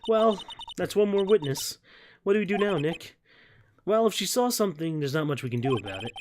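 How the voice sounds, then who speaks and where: A man voicing a calm young male defense lawyer while reading game dialogue aloud, in a plain, thoughtful way. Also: high voice, a little fast, a little hiss or hum. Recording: game music behind.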